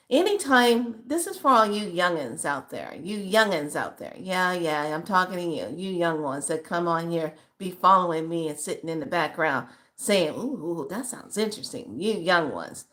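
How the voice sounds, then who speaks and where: An older woman hosting a spiritual live stream, reading viewer comments aloud and answering them in a lively, motherly, teasing way, calling people honey. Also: lowish voice.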